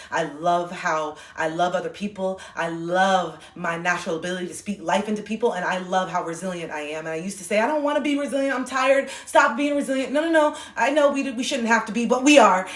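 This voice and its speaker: Animated, profane woman livestreaming in a roomy space. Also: mid-range voice, far from the mic. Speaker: livestream host. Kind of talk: casual livestream chat. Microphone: phone.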